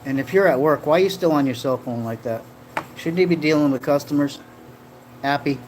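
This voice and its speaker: A man's voice: a little high, a little fast, a little hiss or hum. A man from Rhode Island hosting a casual livestream, rambling and joking as he reads chat comments aloud. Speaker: livestream host. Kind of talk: casual live-stream chat. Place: home room in the Philippines.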